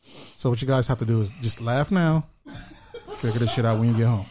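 A man's voice: mid-range voice, fairly quick, a crowd in the background. A man hosting a casual podcast, laid-back and storytelling, acting out voices in his jokes. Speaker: podcast host.

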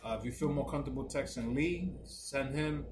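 A man chats as a podcast co-host. He tells his stories with animated voices for each person in them and swears freely. The room rings with echo, and a steady noise sits behind him. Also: medium pitch, brisk. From New Jersey, United States. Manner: animated storyteller, swears, slips into voices of others. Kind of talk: casual podcast chat.

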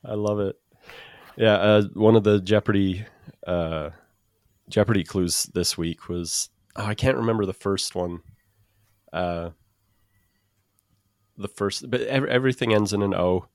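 A man's voice: fairly low pitch, unhurried, pauses often, smooth, no echo, studio quality. A man co-hosting a podcast in casual chat, with many restarts and fillers. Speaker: podcast co-host.

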